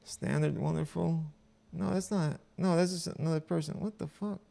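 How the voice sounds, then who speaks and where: A man's voice: fairly high pitch, fairly even intonation, normal speed, creaky, mellow. A man streaming himself reading online posts aloud and reacting with profane, exasperated commentary.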